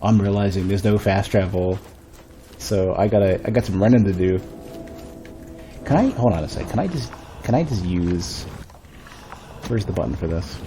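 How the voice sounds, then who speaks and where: A man's voice: low-pitched, moderate pace, pauses often, warm tone, slight background noise. A man streaming a game, thinking aloud and rambling in a casual, self-mocking way. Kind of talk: casual gameplay commentary.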